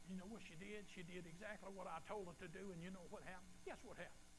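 Older preacher, folksy and high. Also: male voice, fairly even intonation, quick pace, noisy background. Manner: folksy, storytelling preacher with rising, emphatic calls. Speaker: pastor. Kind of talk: sermon. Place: church.

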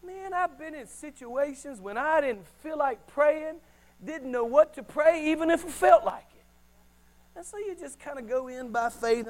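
A middle-aged man preaching a sermon as a pastor, swinging between hushed and loud delivery. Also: extremely high pitch, animated, normal speed, rough recording.

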